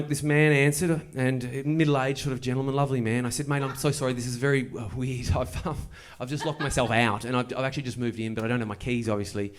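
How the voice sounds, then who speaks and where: A man doing stand-up, telling a story with wry, deadpan delivery and playful asides. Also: medium pitch. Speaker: stand-up comedian. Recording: live show with audible noise. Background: audience laughter.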